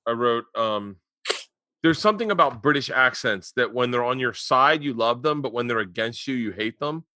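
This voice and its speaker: A man in his forties hosts a casual podcast chat, rambling through stories and getting loud as they build. His voice is bright and forceful. The sound is close and dry. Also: mid-range voice, expressive, moderate pace, no echo. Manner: rambling storyteller, gets loud and laughing in anecdotes. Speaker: podcast host. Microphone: remote podcast mic.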